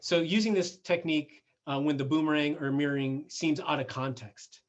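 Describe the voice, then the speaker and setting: A man's voice: fairly high pitch, fairly even intonation, moderate pace, highs cut off. A middle-aged man giving a conference talk in a conversational way, with fillers and self-corrections. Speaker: conference speaker. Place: conference hall.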